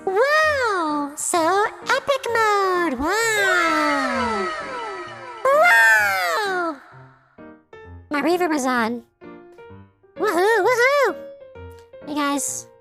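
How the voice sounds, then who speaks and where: Rich: A chirpy young girl's voice, which a man puts on with falsetto and a vocoder. Very high and unhurried, with an artificial, formant-shifted sheen. The talk is bubbly live-stream banter aimed at chat. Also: big pitch swings, over music, heavily acted. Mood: giddy. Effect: vocoder formant shift upward.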